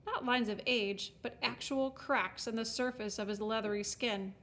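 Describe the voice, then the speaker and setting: Woman, audiobook narrator, wry storybook reading, fairly high voice. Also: moderate pace, a bit bright, slight background noise.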